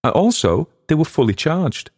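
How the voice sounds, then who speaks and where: A man's voice: on the high side, very animated, normal speed, a little mellow, slightly rough, no echo, clean studio sound. An English man hosting a podcast, chatting casually in a rambling, digressive way with frequent restarts. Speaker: podcast host and reader.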